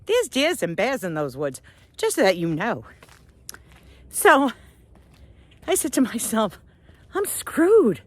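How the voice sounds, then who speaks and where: A middle-aged woman vlogger telling a story on a walk outdoors, animated and self-mocking, laughing often. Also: fairly high pitch, measured pace, long pauses.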